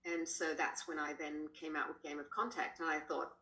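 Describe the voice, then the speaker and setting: A woman with an Australian accent, a horse trainer, telling stories animatedly as a podcast guest. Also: normal speed. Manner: animated, jumps up in pitch when quoting. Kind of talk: casual storytelling in a podcast. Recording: roomy echo.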